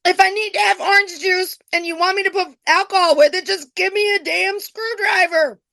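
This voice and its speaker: A woman's voice: extremely high pitch, fairly even intonation, moderate pace, creaky, a bit bright, dry recording. A woman co-hosting a podcast in casual chat, blunt and playful, laughing often. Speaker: podcast co-host.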